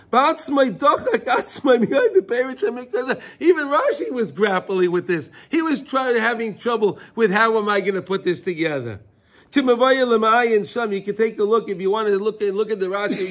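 A man teaches a Torah class in a fairly high voice. He repeats his words and keeps asking his listeners questions as he explains. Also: a bit bright. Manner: repeats words, asks listeners questions, mixes Hebrew terms.

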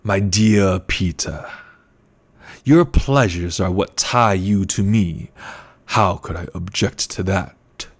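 A man voicing a gluttonous, scheming older male baron who speaks slowly and condescendingly. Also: low voice, full character voice. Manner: slow, menacing and condescending.

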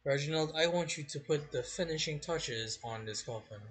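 A man's voice: fairly high pitch, moderate pace, breathy edge. A young man giving sarcastic, swearing commentary while playing a game. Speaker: gaming streamer. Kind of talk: let's play commentary.

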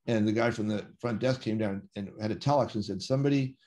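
A man telling a personal story in a relaxed, anecdotal way, acting out the dialogue of the people in it. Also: on the low side, fairly quick. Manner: vivid anecdotal storytelling, acts out dialogue with quoted voices. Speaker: interview guest. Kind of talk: casual storytelling.

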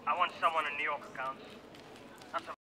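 An actor playing a cranky man in his eighties calling his bank, gruff and impatient. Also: fairly high pitch, steady tone, fast talker, noisy background, lightly acted. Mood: grumpy. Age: 80s. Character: cranky old male bank customer on the phone. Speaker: caller.

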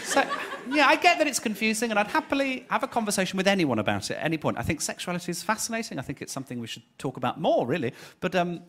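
Animated male stand-up comic, lively pitch. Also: very fast, a faint crowd. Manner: chatty, camp, exaggerated punchlines with voiced impressions. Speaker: stand-up comedian. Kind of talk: stand-up comedy set. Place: theatre stage before a laughing audience. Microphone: stage microphone. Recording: live show with clear audience laughter.

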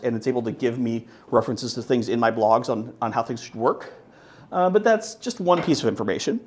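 A man giving a live talk at a tech meetup, upbeat and joking, with many fillers. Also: mid-range voice. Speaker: conference speaker. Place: meetup presentation room.

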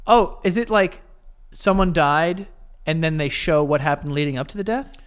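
A man's voice: a little high, moderate pace, smooth. A man in his thirties co-hosting a podcast, laid-back and teasing, swearing freely in casual chat. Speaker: podcast co-host.

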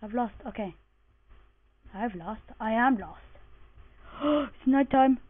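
A woman's voice: a little high, animated, takes it slowly. A woman giving casual let's-play commentary, chatty and sleepy, muttering and swearing to herself as she plays. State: groggy, just woken up. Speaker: gamer commentating her play. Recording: tinny lo-fi mic.

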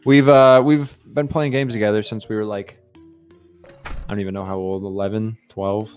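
Excitable young man streaming games. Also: on the low side, smooth, faint music behind. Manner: excitable, chatty, greets viewers rapidly. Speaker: game streamer. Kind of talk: casual live-stream chat.

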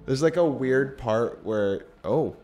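A man's voice: medium pitch, lively intonation, slow pace, warm tone, soft background music. A young man hosting a let's play, chatting casually, laughing often and guiding his co-player through the game. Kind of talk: casual gameplay chat.

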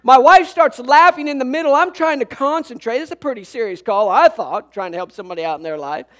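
High-voiced male pastor telling jokes. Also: lively intonation, a little fast, a bit bright. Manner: storytelling with jokes and acted-out quotes. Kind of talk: humorous sermon. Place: church sanctuary.

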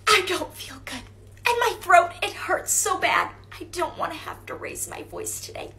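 A woman playing a sick female teacher with a hoarse, breathy, half-whispered voice in a comedy skit. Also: extremely high pitch, huge pitch swings, normal speed, bright, forceful tone, heavily acted. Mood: strained hush. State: hoarse, strained throat.

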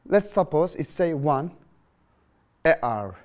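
Guy with teaching a grammar class, fairly high voice, jumps around a lot in pitch, keeps asking "you understand?". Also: slow. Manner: lively, questioning, repeats phrases to students. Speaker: English teacher.

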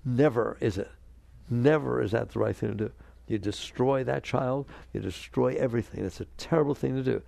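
A spiritual teacher gives an animated talk to an audience, repeatedly asking his listeners questions and acting out the inner voices he quotes. His mid-range voice is brisk and gravelly, with no echo.

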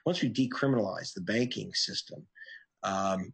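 A man answering interview questions as an investigative reporter, telling his story in an earnest, animated way. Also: moderate pace, gravelly, husky. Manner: earnest, animated storytelling with sudden pitch jumps.

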